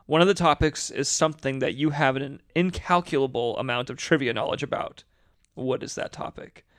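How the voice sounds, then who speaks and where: A man's voice: mid-range voice, a little fast, a bit bright. A man co-hosting a casual podcast with his brothers, jokey and setting up segments. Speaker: podcast co-host. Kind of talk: casual chat.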